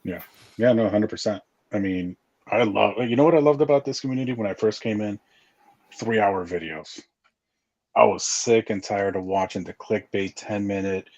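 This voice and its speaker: Low-voiced guy chatting easy, agreeing along. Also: moderate pace, a little mellow, lo-fi sound. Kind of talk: casual crypto show chat.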